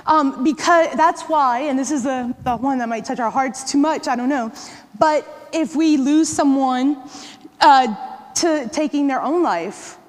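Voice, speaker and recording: A high-pitched woman teaches a live workshop in a large hall, and her voice rings with long reverb. She keeps it conversational and keeps checking in with her listeners. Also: unhurried. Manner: conversational, checks in with "right?" and "okay?". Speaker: workshop presenter. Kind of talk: live teaching talk to catechists.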